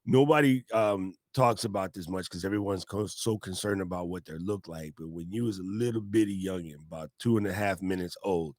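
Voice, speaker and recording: A man, a guest tech expert in a casual video-call interview, explaining with folksy animated talk and laughs. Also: low-pitched, fairly quick, few pauses, dry recording, studio quality. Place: home office.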